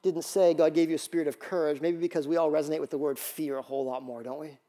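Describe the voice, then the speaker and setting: A man preaches with animated energy, telling stories and acting out quoted voices. His voice sits high for a man. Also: quick pace. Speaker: pastor. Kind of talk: sermon.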